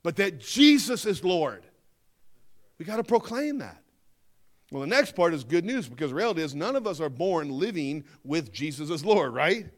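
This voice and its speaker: A man preaching a sermon, emphatic, slowing down to stress key phrases and dipping into quieter asides. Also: fairly high pitch, sing-song. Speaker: pastor.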